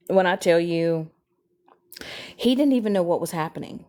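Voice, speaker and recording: A woman chatting casually on a livestream, repeating herself and sliding from soft mutters into sudden high squeals. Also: animated, normal speed, long pauses. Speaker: TikTok live streamer. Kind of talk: casual rambling chat.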